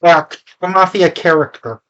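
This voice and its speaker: A woman's voice: on the low side, normal speed, a bit bright, dull audio. A woman co-hosting a casual movie review chat, butting in with jokes and teasing asides. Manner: joking, teasing interruptions. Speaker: podcast co-host.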